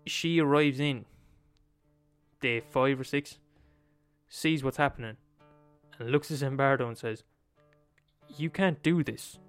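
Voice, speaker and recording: A man's voice: mid-range voice, measured pace, fairly bright tone, clean tone, dry recording, faint music behind. A man with an Irish accent retelling a story in a casual, profane, repetitive, conversational way.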